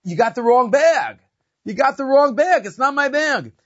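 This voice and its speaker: A man voicing a frustrated traveler who calls loudly to a porter in a story. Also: medium pitch, normal speed, lo-fi sound, lightly acted. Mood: shouting. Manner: calls out loudly, then explains.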